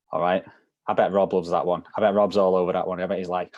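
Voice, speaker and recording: A man's voice: deep voice, very fast, a little mellow, no echo. A man co-hosting a wellness coaching discussion, explaining things loosely with many "so" and "kind of" fillers. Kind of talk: casual group discussion.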